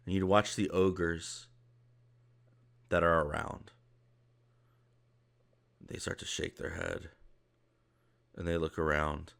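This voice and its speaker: Male game master, low and unhurried, rambling and loose. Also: gravelly. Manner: relaxed, rambling with fillers and laughs. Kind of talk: narrating a tabletop game.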